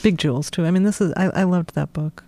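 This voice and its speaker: A woman author who talks haltingly with many fillers, then reads from her novel in a measured way. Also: fairly low pitch, mellow. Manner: hesitant with many fillers in talk, measured when reading. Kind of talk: conversation and book reading.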